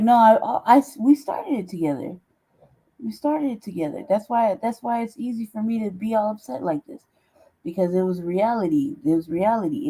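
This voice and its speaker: Mellow-voiced woman, teasing casual chatter. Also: medium pitch, low-quality recording. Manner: teasing, laughs often, swears freely. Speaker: streamer. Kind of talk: casual chat.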